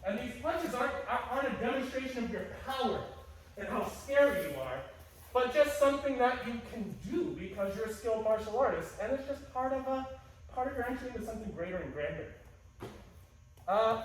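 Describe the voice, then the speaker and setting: A man's voice: very high voice, expressive, brisk, slight background noise. A man teaching a martial arts class, playful and joking, often restarting his sentences. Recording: echoey hall, distant mic.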